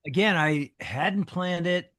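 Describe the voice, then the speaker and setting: A man's voice: sits high, slow, fairly bright tone, dry recording, clean studio sound. An older man guest speaking candidly and reflectively in a podcast interview. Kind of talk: conversational interview storytelling.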